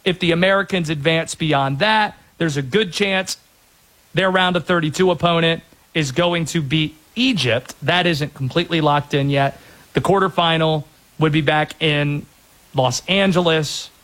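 A man's voice: on the high side, unhurried, a bit bright. A man hosting a sports show, giving an emphatic, opinionated soccer analysis.

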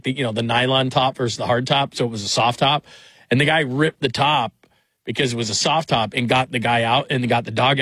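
A man's voice: medium pitch, a bit bright, no echo. A man hosting a late-night sports talk radio show, chatty and rambling with wry asides. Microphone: studio microphone.

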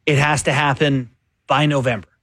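A man co-hosting a sports talk show, making his case in a quick, conversational, opinionated way. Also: medium pitch, fairly even intonation, fairly bright tone, no room sound. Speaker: sports radio co-host and columnist.

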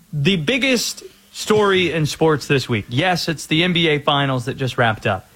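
Male sports show host with a slightly high, lively voice who briskly leads into stories. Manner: brisk, segues between topics. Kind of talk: sports talk, reading segment intros.

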